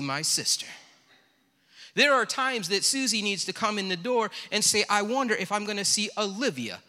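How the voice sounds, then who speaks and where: A man's voice: high voice, pushed and bright. A middle-aged man, a pastor, preaching a sermon with casual, self-deprecating storytelling in a church. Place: church sanctuary. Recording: reverberant church hall.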